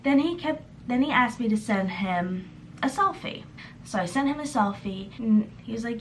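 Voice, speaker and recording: A woman's voice: on the high side, moderate pace, slight background noise. Young woman telling a storytime vlog. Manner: animated retelling, acting out quoted texts. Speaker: vlogger.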